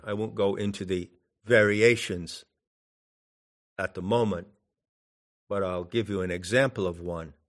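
A man giving a spoken meditation teaching in a deliberate, musing way, with long pauses between phrases. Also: lowish voice. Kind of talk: spoken dharma instruction.

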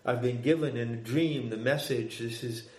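Older man telling a story, measured. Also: mid-range voice. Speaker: guest, spiritual practitioner. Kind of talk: reflective conversational storytelling. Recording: roomy echo.

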